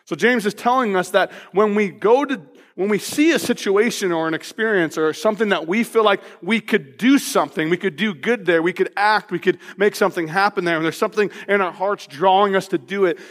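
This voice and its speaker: A male pastor preaching a sermon, telling a personal story in an animated, laughing, casual way before moving into scripture. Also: sits high, brisk. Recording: long reverb of a large hall.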